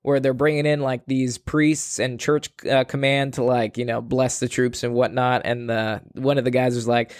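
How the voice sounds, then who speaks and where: A man hosts a podcast in relaxed conversation, telling a long story with lots of fillers and restarts. His voice sits at a middle pitch and sounds dry and close, with no room around it. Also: moderate pace, few pauses, clean tone, no room sound. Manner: rambling, filler-heavy storytelling. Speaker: podcast host. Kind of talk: casual chat.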